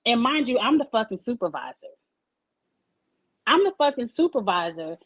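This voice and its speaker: A woman's voice: mid-range voice, rough recording. Outspoken woman hosting a live chat. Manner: emphatic, candid, swears freely. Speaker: host of a live-streamed talk show; supervisor at work. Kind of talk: casual live-stream chat. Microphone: video call.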